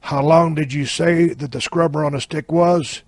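A man's voice: fairly high pitch, fairly even intonation, moderate pace, vocal fry, no echo, studio quality. A man doing a blunt, unimpressed fireman. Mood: matter-of-fact.

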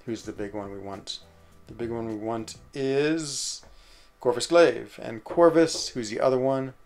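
A man live-streaming a mobile game, commenting on his reward pulls and whooping with delight when he gets a champion he wanted. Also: mid-range voice. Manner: excitable, whoops and laughs over lucky pulls.

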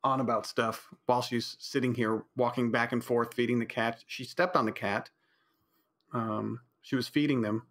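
A man's voice: mid-range voice, steady tone, moderate pace, fairly bright tone. Blunt rambling man hosting a podcast. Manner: rambling, opinionated, blunt with profanity; frequent fillers and restarts. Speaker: podcast host. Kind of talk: casual solo podcast talk. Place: home.

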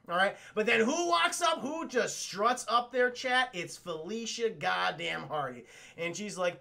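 A man recapping a cartoon episode for a live chat in a casual, profane, excitable way, laughing often. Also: high-pitched, moderate pace, gravelly. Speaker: cartoon reviewer streaming to chat.

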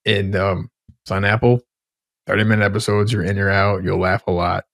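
A man in his thirties co-hosts a podcast, talking in loose, rambling casual chat and swearing easily. His voice sits on the low side. The sound is dry and close, with no room heard. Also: flat delivery, a little fast, creaky, fairly bright tone, no room sound. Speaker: podcast co-host.

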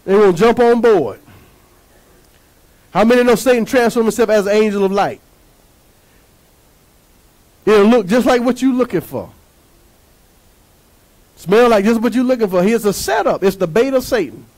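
High-voiced preaching pastor, call-and-response. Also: male voice, normal speed, long pauses, darkish tone, poor audio. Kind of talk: sermon.

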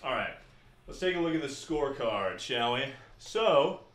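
Between rounds of a live-streamed game, a young man talks casually to his chat, cursing without hesitation. He sounds very animated at medium pitch and normal speed, with a fairly bright tone, and the room gives off a noticeable echo.

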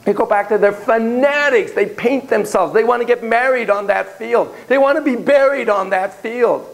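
In a very high, gravelly voice at a moderate pace, a man delivers a theatrical class lecture, moving between hushed asides and loud exclamations. He keeps asking the students questions, and the recording is rough.

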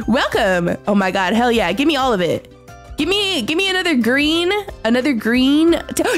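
Excitable young woman, high bouncy voice, giggly, faint music underneath. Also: normal speed. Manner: excitable, giggly, talks to chat. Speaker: streamer. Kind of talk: casual game-stream chat. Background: faint background music.

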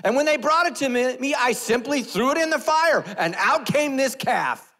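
A man voicing a defensive, excuse-making biblical brother in a high, whiny, pleading voice. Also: lively intonation, normal speed, pushed and bright, exaggerated voice. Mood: sheepish. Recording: echoey church hall.

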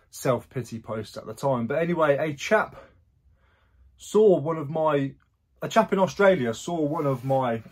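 Chatty husky man vlogging. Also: mid-range voice. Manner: chatty, rambling, self-correcting asides. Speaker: online reseller. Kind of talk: casual vlog chat.

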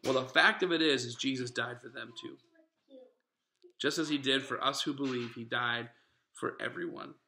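Brief: bright-voiced male pastor, casual earnest sermon, echoey church. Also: mid-range voice, moderate pace, vocal fry, slight background noise. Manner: earnest, conversational preaching with asides to listeners. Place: church sanctuary.

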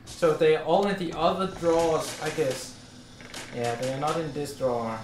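A man's voice: a little high, normal speed, echoey room, distant mic, noisy background. A man commenting on a VR game as he plays, talking to himself and yelping when he gets frustrated. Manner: frustrated, talks to himself, yelps. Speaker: gamer. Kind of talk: let's play commentary.

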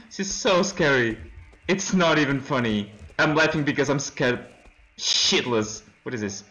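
A man's voice: mid-range voice, expressive, measured pace, bright, forceful tone. Jumpy young man narrating a horror game. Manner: nervous, laughs from fright, yelps and screams. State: hoarse from screaming. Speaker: let's play gamer.

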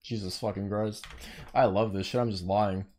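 A young man streaming a game, ranting indignantly with lots of swearing and sudden bursts of yelling. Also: lowish voice, fairly even intonation, moderate pace. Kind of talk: live stream commentary.

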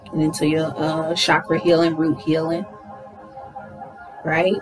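Animated woman doing a spiritual card reading. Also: deep voice, a little slow, faint music behind, rough recording. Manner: animated, talks to viewers as y'all, affirming. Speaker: tarot card reader.

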